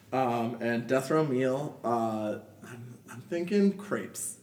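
A young man hosting a podcast in casual chat, talking loosely with lots of fillers and quick laughs. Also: medium pitch, lively intonation, darkish tone, distant mic. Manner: chatty, many fillers and laughs. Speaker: podcast host. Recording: roomy, off-mic with faint noise.

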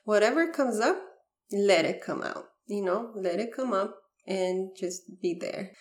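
A woman's voice: medium pitch, animated, a little slow. A young woman guest in a casual interview, speaking heartfelt and personal with many "like" fillers. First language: Bulgarian. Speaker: podcast guest.

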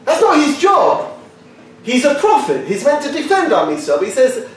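A man giving a lively Torah talk to a live group, joking and quizzing his listeners by name. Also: very high voice, moderate pace, recorded from a distance. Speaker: Torah teacher. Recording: echoey room picked up from afar.

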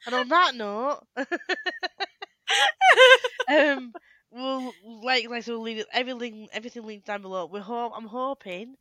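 A bright, fairly high-pitched voice with a forceful tone and no echo comes from a young woman co-hosting a casual podcast. Using a headset mic, she giggles often and speaks in quick bursts, frequently restarting.

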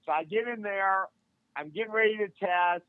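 A man's voice: high-pitched, normal speed, no room sound. An older man, a martial arts instructor, telling a story as a podcast guest and acting out the dialogue of the people in it. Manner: animated, acts out quoted dialogue. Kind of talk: casual storytelling. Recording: tinny phone-like line, dry.

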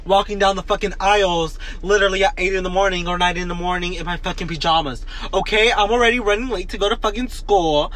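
A man's voice: high voice, pushed and bright. A young man, a student, ranting dramatically and profanely in a casual vlog. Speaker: vlogger, student.

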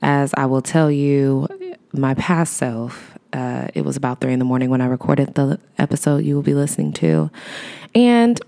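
Very low, gravelly-voiced woman podcaster. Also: moderate pace, warm tone. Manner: rambling, reflective, chatty asides. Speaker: podcast host. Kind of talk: casual solo podcast monologue.

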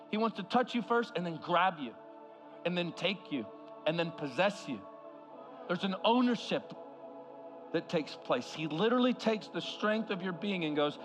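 A man preaching an impassioned sermon as a guest speaker, swinging from loud cries to hushed words. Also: high voice. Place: large church hall.

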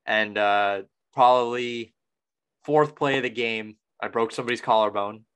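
A man's voice: mid-range voice, normal speed, fairly bright tone, smooth. A young man hosting a podcast, chatting casually and telling a rambling story full of restarts and self-corrections. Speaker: podcast host.

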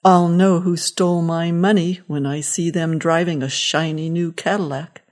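A fussy, indignant elderly man grumbles his complaints, voiced by a woman reading a storybook aloud. The voice sits on the low side for a woman and stays plainly read rather than heavily acted. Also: fairly even intonation, moderate pace, darkish tone, lightly acted. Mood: grumbling. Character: cranky elderly father-in-law, indignant and confused.

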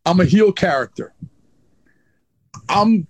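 A man's voice: high-pitched, lively intonation, slow pace, darkish tone, highs cut off. A man telling a blunt, profane story in an interview about his time as a wrestling manager.

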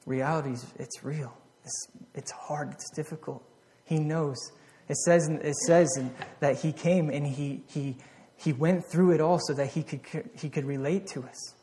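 A man preaching a sermon, earnest, swinging from loud exhortation to hushed reflection, often repeating and restarting his phrases. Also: a little high, fairly even intonation, measured pace, big-room sound.

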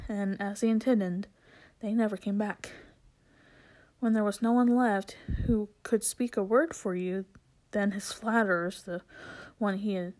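Mellow-voiced woman reading a story aloud. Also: mid-range voice. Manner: steady reading with small slips and restarts. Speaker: audiobook reader.

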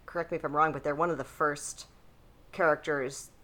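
A woman's voice: deep voice, fairly even intonation, brisk, a bit bright. A woman co-hosting a casual TV recap podcast, talking with enthusiastic opinions. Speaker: podcast co-host. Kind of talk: casual chat.

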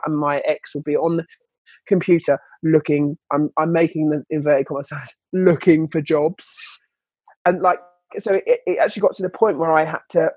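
This young woman's voice sits low, with a darkish, husky tone and no echo. She's a children's book author being interviewed candidly on a podcast about her story. She chats freely, sprinkling in plenty of "like" and "you know."

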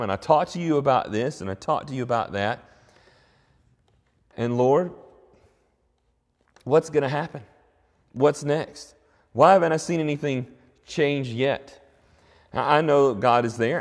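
A man preaching a sermon in an earnest, reflective way, often restarting his sentences. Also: medium pitch. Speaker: pastor. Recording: long hall reverb.

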